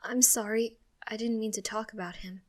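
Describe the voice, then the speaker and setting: A woman's voice: on the high side, steady tone, normal speed, natural voice. A woman voicing an anxious, emotional young boy who talks in a pleading, tearful way. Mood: apologetic.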